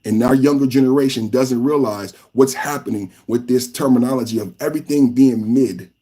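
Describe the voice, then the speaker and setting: Ranting emphatically and repetitively, a male podcast host from California delivers live reaction commentary. His mid-range voice has a dark tone and moves a little fast.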